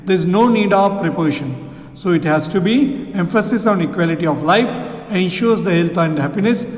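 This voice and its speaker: A man with an Indian English accent, teaching exam grammar, who repeats sentences slowly and asks rhetorical questions. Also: sits high. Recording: echoey room with long reverb.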